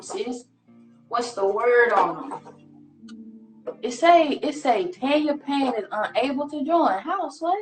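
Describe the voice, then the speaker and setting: A woman's voice: fairly high pitch, fairly bright tone. A woman hosting a casual live stream, slangy, playful and coaxing. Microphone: phone. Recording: echoey room with faint music.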